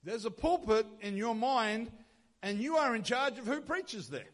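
A man preaches a sermon from the pulpit. His voice sits high for a man. He drives his points with rhetorical questions and repeated lines. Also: animated, unhurried. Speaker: pastor.

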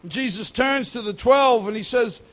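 A man giving a sermon as pastor, emphatic and swinging between loud and soft. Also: extremely high pitch, moderate pace.

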